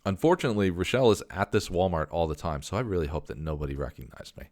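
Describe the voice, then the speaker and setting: A man's voice: low-pitched, expressive, quick pace, a little mellow, no room sound, studio quality. A man telling a long, exasperated story in casual podcast chat, swearing and restarting his sentences often. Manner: exasperated, profane rant with many restarts. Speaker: podcast host.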